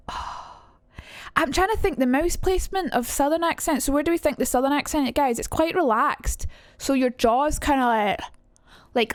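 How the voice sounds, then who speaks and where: Teaching accents during a casual live stream, a chatty young adult woman speaks in a high voice with no room sound. She responds to her chat as she goes, dropping casual swears along the way.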